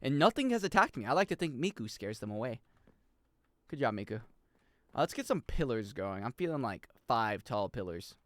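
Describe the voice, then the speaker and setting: Chatty young man streaming a game, lively voice. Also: medium pitch, moderate pace, no echo. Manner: rambling, chatty, swears casually and laughs. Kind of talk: casual gaming stream chat.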